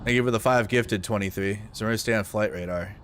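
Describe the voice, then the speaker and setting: A man's voice: on the low side, fast talker, a bit bright, slight background noise. A man hosting a live news commentary stream, talking bluntly and with profanity. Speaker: livestream news host.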